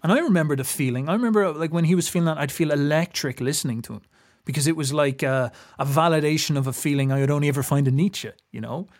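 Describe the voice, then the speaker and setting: A young Irish man with a fairly high-pitched voice and an Irish accent talks fast. He sounds casual yet earnest, musing in a reflective, philosophical way and frequently restarting his sentences.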